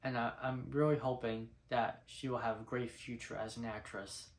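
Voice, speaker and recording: A young man talks straight to the camera in a casual fan vlog, with a voice of middling pitch. He rambles earnestly and keeps restarting his sentences as he goes. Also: little pitch movement, normal speed. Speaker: vlogger.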